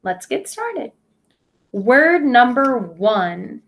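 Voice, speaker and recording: Slow, patient teacher woman. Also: on the high side, very animated. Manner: patient, over-enunciates sounds. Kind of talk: slow, clear phonics lesson for young children.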